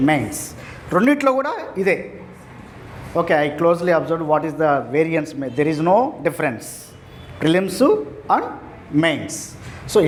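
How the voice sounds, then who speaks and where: A man's voice: high-pitched, slight background noise. A man with a Telugu accent teaching an exam preparation class, repeating key terms and asking rhetorical questions. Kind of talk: classroom lecture.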